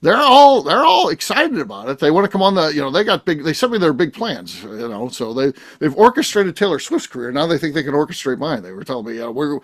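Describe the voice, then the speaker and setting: A man's voice: on the high side, very animated, fast talker, hardly any pauses, a bit bright. A man hosting a casual podcast roundtable, rambling and exasperated, swearing now and then. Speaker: podcast host.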